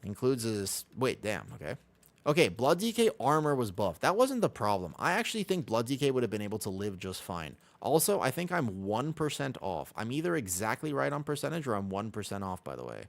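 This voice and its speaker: A man's voice: mid-range voice, big pitch swings, fairly quick. An American man from Los Angeles, chatting casually on a live game stream, reading out and answering viewer questions. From Los Angeles, USA.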